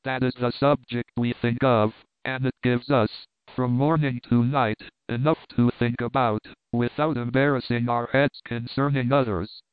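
Stern, guarded shopkeeper woman, voiced by a man, curt and cool, clear tone, phone-like sound. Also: mid-range voice, steady tone, unhurried, few pauses, no room sound, close to an everyday voice. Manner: cool, curt, lightly mocking. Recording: tinny phone-like audio.

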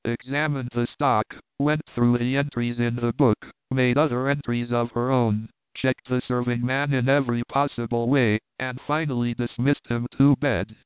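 A man reading a classic novel aloud in a smooth, measured voice. The sound is tinny and narrow like a phone line, with no room echo at all. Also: medium pitch, little pitch movement. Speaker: audiobook narrator.

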